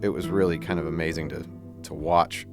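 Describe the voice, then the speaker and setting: A man in his forties casually recalling a long journey in an interview, relaxed and reflective, with frequent "you know"s. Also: extremely low pitch, brisk, music in the background.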